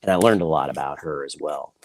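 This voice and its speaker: A man, an author and journalist, talking reflectively in an interview, pausing often with fillers. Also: very deep voice. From Kansas City, United States. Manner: reflective, halting with many fillers. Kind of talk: interview conversation.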